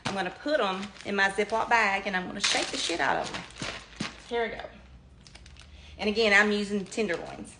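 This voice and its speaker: A middle-aged woman with a Southern US accent gives a casual home cooking demo, talking briskly in a medium pitch but pausing often. She's chatty and down-to-earth, calling viewers y'all, and the background is noisy with oil frying and sizzling.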